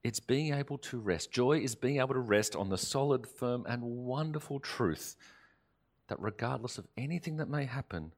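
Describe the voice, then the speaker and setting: A male pastor delivers an earnest sermon in a mid-pitched voice. He builds in force, then drops to quiet, drawn-out phrases for emphasis. It sounds recorded for an online service. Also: animated. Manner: earnest preaching, swelling louder then dropping to soft emphatic phrases.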